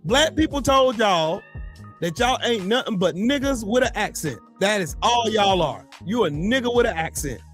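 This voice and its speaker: A man's voice: high-pitched, expressive, normal speed, a bit bright, soft background music. A man co-hosting a podcast, giving blunt, profane and mocking political commentary. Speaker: podcast co-host.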